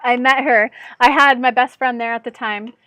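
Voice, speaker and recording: A woman with a high voice tells a personal story straight to her viewers, chatty and candid, poking fun at herself. She speaks as an intuitive channel and life coach, recorded dry and close with no room sound. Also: fairly even intonation, normal speed, pushed and bright, no room sound. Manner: chatty, candid, self-deprecating, often calls viewers "guys". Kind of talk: storytelling vlog addressed to viewers.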